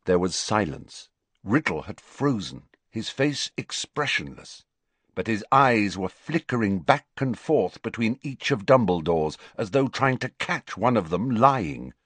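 A man reading a novel aloud at an unhurried pace, with a low voice that rises and falls a great deal. The recording is dry and close, with no room sound. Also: breathy edge, dry recording. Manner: slow, expressive storytelling. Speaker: narrator. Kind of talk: audiobook narration.

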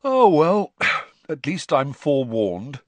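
A man's voice: on the high side, sing-song, slow pace, no echo, voice pushed up. A man voicing a lazy, sarcastic teenage boy who mocks his friends. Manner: sarcastic, mocking.

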